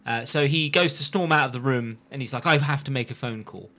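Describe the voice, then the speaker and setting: A man recapping an episode in a casual podcast chat, telling it as an animated story and slipping into quick character voices. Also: medium pitch. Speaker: podcast host recapping an anime.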